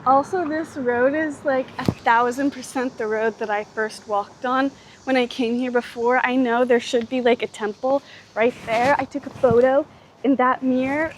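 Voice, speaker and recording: High-voiced chatty woman vlogging. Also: steady tone, normal speed, a little hiss or hum. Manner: chatty, rambling, lots of "like", self-mocking. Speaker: travel vlogger. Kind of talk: casual vlog chat to camera.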